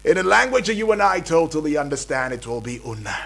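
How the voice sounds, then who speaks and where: A man with a Nigerian accent hosting a breakfast radio show, hyping up listeners with repetitive, energetic patter from the studio. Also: on the high side, fast talker, gravelly. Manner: hype-building, repetitive, calls out to listeners.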